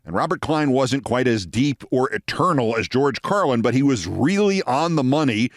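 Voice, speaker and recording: Lively storytelling man, dry studio sound. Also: mid-range voice, normal speed, dry recording. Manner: animated anecdote with acted quotes. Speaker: host. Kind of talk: storytelling monologue.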